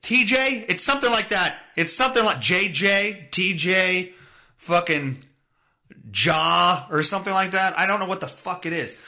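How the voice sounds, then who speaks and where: Man in his thirties, solo podcast host, rambling sarcastic rant, fairly high and forceful voice. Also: moderate pace. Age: 30s.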